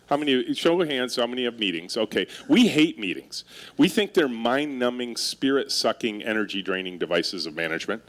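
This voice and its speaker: A man's voice: mid-range voice, a little fast. A middle-aged man giving a humorous keynote speech on stage, telling stories with wry, self-mocking humor and drawing the audience in with questions. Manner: animated storytelling with audience interaction. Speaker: keynote speaker and company leader. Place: stage before a live audience.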